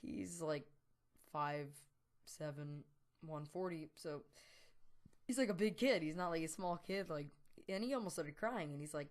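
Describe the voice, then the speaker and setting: A man's voice: a little high, normal speed, pauses often. A teenage boy, a gaming YouTuber, telling a long story over gameplay, rambling with lots of fillers and restarts. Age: teens. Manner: laughs now and then while telling.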